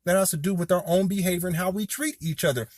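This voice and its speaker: A man in his 40s from Southern California rants passionately and rambles to his viewers on camera, calling them "y'all." He speaks fast in a high, slightly mellow voice, and the recording is dry.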